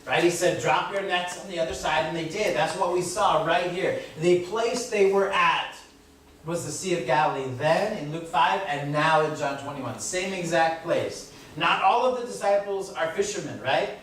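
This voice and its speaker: High-voiced man preaching in an echoey hall. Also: normal speed, a bit bright. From California. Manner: conversational, tags phrases with "right?" and "you know?". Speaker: pastor. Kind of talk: sermon. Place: church sanctuary. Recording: echoey hall from far off with room noise.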